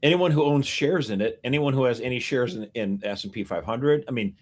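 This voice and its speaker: A man co-hosting a podcast, casually walking through news facts with animated asides. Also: medium pitch, a little fast. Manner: animated explainer, piling up figures and asides. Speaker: podcast co-host.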